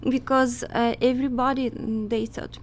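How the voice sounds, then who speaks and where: A woman guest in a casual conversation, speaking halting, hesitant English that is not her first language. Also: a little high, little pitch movement, a little hiss or hum.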